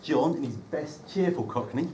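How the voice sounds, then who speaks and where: A man whose voice runs on the high side, with lively intonation and normal speed, gives a humorous toast at an indoor wedding reception. He ribs the groom through dry, nicely timed anecdotes. The mic is far away, and room noise is loud.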